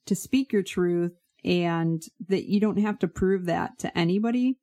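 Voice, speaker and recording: Gravelly low-voiced woman giving advice. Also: measured pace, mellow. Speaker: podcast co-host. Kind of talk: casual chat.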